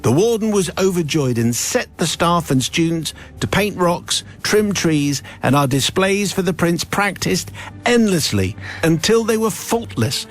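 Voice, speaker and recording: A middle-aged man hosts a radio show and reads a listener's letter aloud with lively storytelling. His voice sits a little high for a man. A faint music bed plays under him. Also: unhurried. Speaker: radio host.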